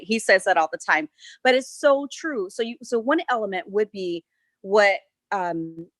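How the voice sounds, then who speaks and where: A woman from South Carolina with a Southern accent, a winery owner chatting through a virtual tour with relaxed, friendly storytelling. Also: on the low side, dry recording. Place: winery tasting room.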